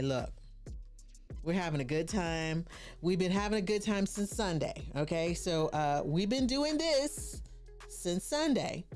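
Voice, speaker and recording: A woman's voice: lowish voice, darkish tone. A woman hosting a live branding series, chatting casually with her viewers and often saying "you know" and "right?". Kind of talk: casual live-stream teaching.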